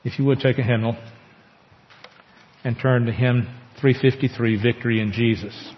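Pastor preaching in an echoey church. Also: male voice, medium pitch, steady tone, slight background noise. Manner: earnest preaching with slow emphatic pauses. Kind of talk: sermon. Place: church sanctuary. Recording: echoey church hall, dull lo-fi sound.

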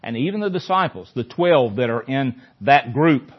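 A man's voice: medium pitch, lively intonation, normal speed, husky. A man leading a Bible study in a conversational teaching style, often repeating phrases for emphasis. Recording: dull lo-fi recording.

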